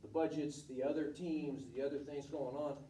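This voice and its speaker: A middle-aged volleyball coach speaks at normal speed in a warm, high-leaning voice with little pitch movement. Recorded from a distance in an echoey room with slight background noise, he gives students a frank, blunt informal talk, telling career stories and acting out quotes.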